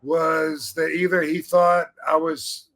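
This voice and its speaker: A man's voice: on the high side, flat delivery, slow, fairly bright tone. Laid-back cursing man telling stories. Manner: laid-back, swears freely, laughs while telling. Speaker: podcast host. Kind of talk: casual storytelling.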